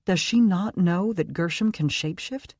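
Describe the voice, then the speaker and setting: An audiobook narrator voicing a gentle American woman guard who speaks softly and sympathetically. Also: mid-range voice, normal speed, no echo, clean studio sound, pitched above the performer's own voice, lightly acted. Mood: questioning. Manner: soft, sympathetic.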